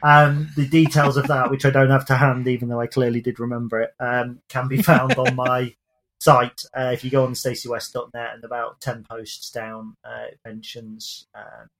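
A man's voice: mid-range voice, little pitch movement, moderate pace, a bit bright. A man co-hosting a casual football fan podcast, rambling and self-deprecating with many fillers. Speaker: podcast co-host. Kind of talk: casual chat.

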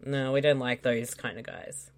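A podcast co-host trading quick wisecracks and teasing during a casual movie watch-along. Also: medium pitch, lively intonation, vocal fry.

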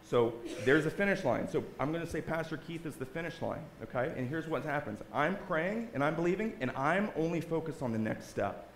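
A man's voice: a little high, animated, fairly quick, hardly any pauses, a little hiss or hum. Earnest man testifying in a roomy church. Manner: earnest, keeps asking "right?". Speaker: guest speaker giving a testimony. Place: church sanctuary.

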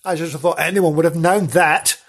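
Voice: mid-range voice, fairly even intonation, brisk, husky, lightly acted. A storyteller voicing Nobbs, a haughty male dog in a children's story who scolds the others. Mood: scornful.

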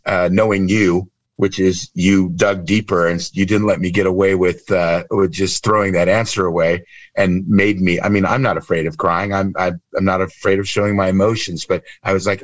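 A man in his fifties, originally from California, speaks in a lowish, expressive voice as he recounts his story for an interview. He slips into acted-out quotes now and then, and the sound is dry and close over a video call. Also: moderate pace, no echo. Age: 50s. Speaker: guest, improv trainer and speaker. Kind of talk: emotional interview talk.

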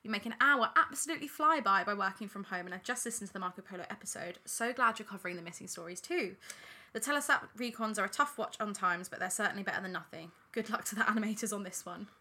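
A woman's voice: mid-range voice, fast, pushed and bright. A British woman co-hosting a podcast, chatty and giggly, reading out listener email. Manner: giggly, chatty, self-deprecating. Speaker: podcast co-host. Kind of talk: casual chat.

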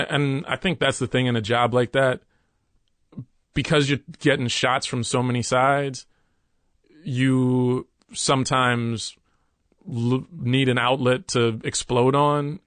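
A man's voice: medium pitch, steady tone, a bit bright, no room sound. Earnest man telling a story, dry sound. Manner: earnest, halting, many restarts. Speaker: guest. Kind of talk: candid interview storytelling.

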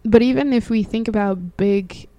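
A woman's voice: a little high, normal speed, warm tone, no room sound. A young adult woman co-hosting a podcast in casual chat, supportive and affirming as she talks. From not local to the show's country. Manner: affirming, frequent agreeing murmurs. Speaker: podcast co-host.

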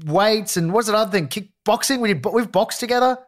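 A man, a stand-up comedian hosting a podcast, chatting casually and making playful jokes. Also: fairly quick. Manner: playful, jokey, pitch jumping about. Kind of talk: casual chat.

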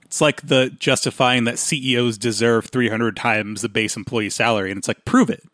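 Casting: male co-host, mid-pitched, casual rambling delivery, dry close mic. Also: fairly even intonation, brisk, fairly bright tone, no room sound. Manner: rambling, trailing off, chuckling. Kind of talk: casual chat.

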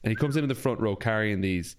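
A man's voice: lowish voice, fast talker, smooth. A man co-hosting a comedy podcast, telling a laid-back anecdote in a casual chat. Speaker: podcast co-host.

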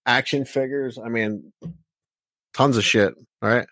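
A man's voice: mid-range voice, fairly even intonation, takes it slowly, fairly bright tone, dry recording. A man co-hosting a live podcast, reading out movie facts with a lot of "uh" fillers. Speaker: podcast co-host. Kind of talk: casual live podcast chat.

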